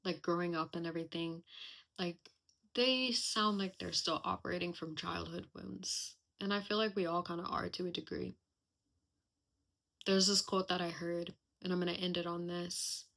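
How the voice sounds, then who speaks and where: A woman's voice: fairly low pitch, steady tone, normal speed, creaky, fairly bright tone. A young woman hosting a casual personal podcast, talking candidly and reflectively with lots of chatty fillers. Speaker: podcast host.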